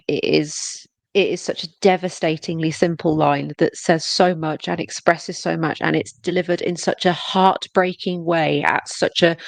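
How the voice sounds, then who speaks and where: A woman's voice: low voice, creaky, dry recording. A woman hosting a podcast segment in casual chat, upbeat and a little theatrical as she moves things along. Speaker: podcast host.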